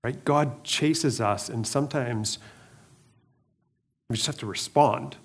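A man's voice: mid-range voice, takes it slowly, breathy edge. A middle-aged male pastor giving a casual sermon in a conversational way, often repeating words and restarting, with joking asides.

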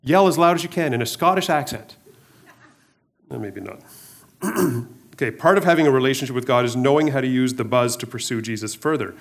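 With a medium pitch and a slightly quick pace, a middle-aged pastor preaches in a casual, conversational way. Repeated words, restarts, and joking asides run through his talk.

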